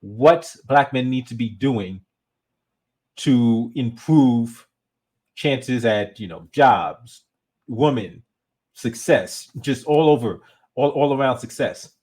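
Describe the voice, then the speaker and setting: A man hosting his own channel, giving casual commentary in a conversational, animated way and often restarting his sentences. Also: mid-range voice, slow pace, breathy edge. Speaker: channel host.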